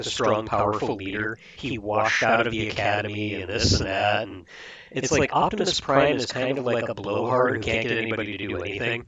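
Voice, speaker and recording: A man's voice: mid-range voice, fairly bright tone. A man co-hosting a casual podcast chat, giving detailed, opinionated reviews. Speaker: podcast co-host.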